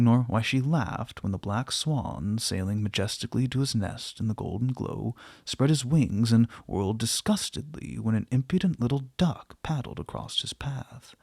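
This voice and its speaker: A man reading a short story aloud in a gentle, unhurried way, voicing the dialogue softly. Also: on the low side, vocal fry, husky, dry recording, studio quality. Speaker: narrator.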